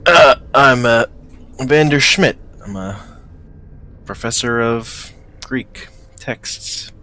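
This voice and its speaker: Very slow, hesitant man role-playing. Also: mid-range voice, bright, forceful tone. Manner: hesitant, with fillers. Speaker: player. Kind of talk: in-character tabletop role-play. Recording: noisy voice chat.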